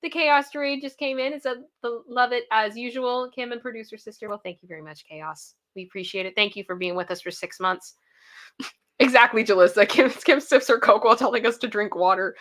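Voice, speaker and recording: A woman's voice: a little high, fairly quick, a bit bright. A young woman hosting a casual livestream, chatty and repeating herself as she thanks viewers by name. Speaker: livestream host.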